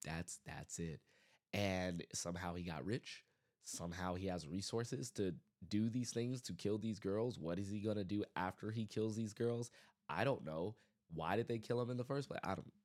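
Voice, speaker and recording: A man hosting his own podcast, giving a casual, animated movie review full of exasperated rants and restarts. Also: on the low side. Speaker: podcast host.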